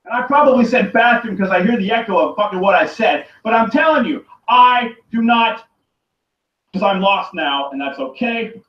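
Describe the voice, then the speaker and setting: A man with a very high-pitched voice films himself in an angry solo rant, rambling and repetitive, full of profanity and frequent shouting. He's in a room by a running turtle tank, where running water can be heard, and the recording is echoey, distant and dull lo-fi.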